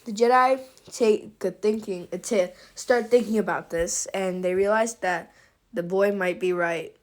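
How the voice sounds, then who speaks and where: A woman's voice: mid-range voice, unhurried. A woman casually retelling a fan what-if story for her channel, chatty and rambling, with fillers and restarts. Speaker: YouTube storyteller.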